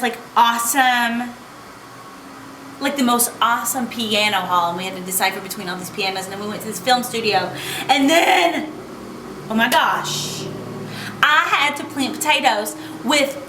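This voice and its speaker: This young American woman's voice is a little high, pushed, and bright as she recounts a trip in a laid-back storytime vlog. She bubbles over with enthusiasm, filling her talk with "like" and "oh my gosh," in an echoey room with faint noise behind her.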